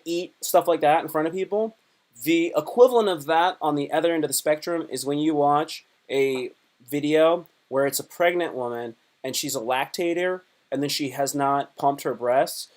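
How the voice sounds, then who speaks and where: A man doing a casual comedy live stream, talking in a rambling, crude, joking way. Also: on the high side.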